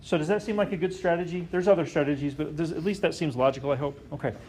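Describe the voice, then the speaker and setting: A man's voice: a little high, quick pace, a little mellow, breathy edge. A man teaching a calculus lesson to a class, often stopping to question the students and check that they follow. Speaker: math teacher.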